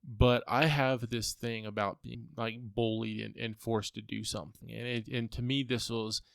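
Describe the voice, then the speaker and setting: A man's voice: medium pitch, little pitch movement, normal speed, vocal fry, no echo, studio quality. A man hosting a podcast, telling a long dungeon master story in a rambling way, repeating himself to stress his points. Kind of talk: casual storytelling monologue.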